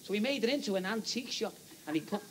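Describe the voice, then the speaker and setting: A stand-up comedian with a Liverpool accent telling a joke, chatty and teasing the audience. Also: male voice, high voice, expressive, racing. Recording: live audience laughter and noise.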